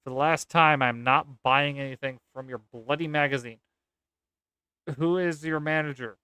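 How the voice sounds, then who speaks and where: A man's voice: on the high side, fairly even intonation, normal speed, sharp tone, clean tone, no echo. A man playing an indignant male professor who demands answers in a stern, exasperated way.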